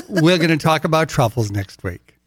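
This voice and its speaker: A man's voice: mid-range voice, animated, normal speed, a little hiss or hum. An older man from Massachusetts co-hosting a travel podcast, teasing and self-deprecating in casual chat. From Massachusetts, USA. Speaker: podcast co-host.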